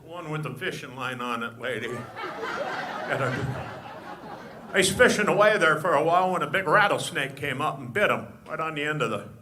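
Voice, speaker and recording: An old cowboy drawls in a slightly lowered voice, stuttering and repeating himself as he spins a yarn, as a man puts him on. It is a stand-up impression. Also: expressive, moderate pace, pushed and bright. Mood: drawling. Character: drawling, stammering old male film cowboy.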